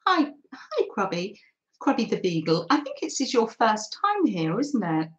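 This craft livestream host runs a live mixed-media art demo, chatting and thinking aloud while she paints, reading out viewers' comments and thanking them. Her mid-range voice swoops wildly in pitch at a moderate pace, and the recording sounds muffled.

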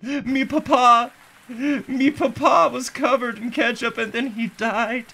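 A man's voice: very high-pitched, steady tone, slow pace, gravelly, bright, forceful tone, voice pushed up, full character voice. A man voicing a sobbing baby boy in a video game, wailing and blubbering in a silly babyish way. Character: sobbing baby boy mourning his father.

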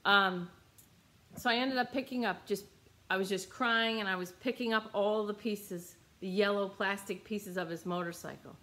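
A woman's voice: medium pitch, steady tone, moderate pace, sharp tone. A young adult woman, a meditation teacher, telling a personal story in a rambling, emotional way, near tears and repeating her phrases. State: tearful, near crying.

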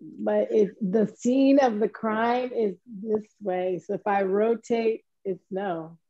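A woman guest on a video call, joking and emphatic, quick to pile up repeated protests. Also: medium pitch, muffled recording. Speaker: guest dance artist. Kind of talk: casual chat on a video call.

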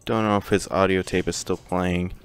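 A man's voice: low voice, level tone, moderate pace, smooth, faint music behind. A man rambling casually with many ums and chuckles while commenting on a video game. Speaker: game streamer.

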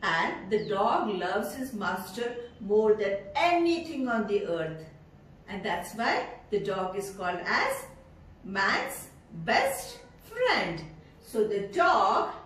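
A woman, teaching preschoolers slowly and in a sing-song way. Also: a little high, a bit bright. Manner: sing-song, slow and drawn out, imitates animal sounds. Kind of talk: teaching young children. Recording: echoey room from far off.

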